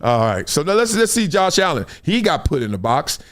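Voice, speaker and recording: A man hosting a live sports show with a voice pitched a bit high that swoops up and down as he goes. He tells stories, laughs often and keeps things lively. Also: a little fast. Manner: animated, laughing, storytelling. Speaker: host. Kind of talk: live sports talk stream.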